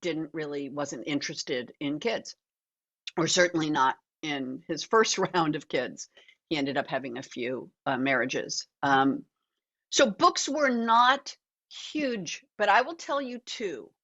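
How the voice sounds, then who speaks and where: An older woman, a guest actor and author, telling animated, reflective stories in a conversational interview over a video call. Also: low voice, slow pace, muffled recording.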